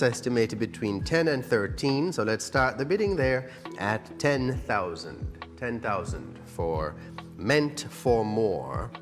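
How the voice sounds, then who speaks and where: At a live charity auction, a medium-pitched man calls the lots, upbeat and coaxing as he asks for bids. A long hall reverb surrounds his voice, and clear music plays behind him.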